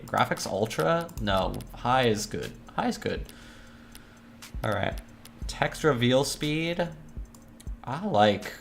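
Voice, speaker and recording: A woman's voice: rumbling low, vocal fry. A woman streamer chatting casually while setting up a game, rambling with profane, jokey asides over faint music. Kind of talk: casual let's-play chat.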